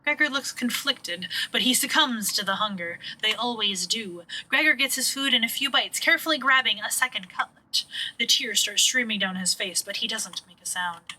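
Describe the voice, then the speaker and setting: A woman's voice: on the high side, expressive, moderate pace, pushed and bright, rough recording. A woman streaming a horror game, reading its narration aloud and tossing in irreverent, profane jokes between the lines. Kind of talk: live game playthrough with read-aloud narration.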